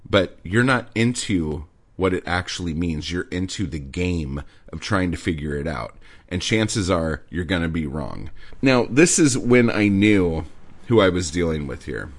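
Male podcast host, low voice that swings wildly, sarcastic and profane rant. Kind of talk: ranting podcast commentary.

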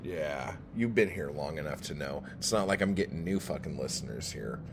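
Deep-voiced sarcastic swearing man. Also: animated, moderate pace, gravelly, slight background noise. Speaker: podcast host. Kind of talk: sarcastic profane podcast monologue.

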